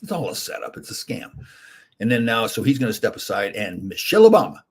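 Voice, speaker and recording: A middle-aged Canadian man hosts a casual livestream, rambling and reading viewer comments aloud as he answers the chat. His voice is fairly low and husky, very animated, and quick.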